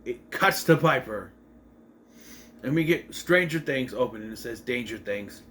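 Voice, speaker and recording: Lively rambling man recapping a show. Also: medium pitch, a little slow, a little hiss or hum. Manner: rambling, self-correcting, acts out scenes while retelling. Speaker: TV episode reviewer. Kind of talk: casual recap and review.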